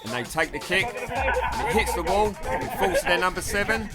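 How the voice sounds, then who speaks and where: A man's voice: high-pitched, lively intonation, normal speed, a loud crowd. Man commentating over his own match. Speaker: player narrating match footage. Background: music.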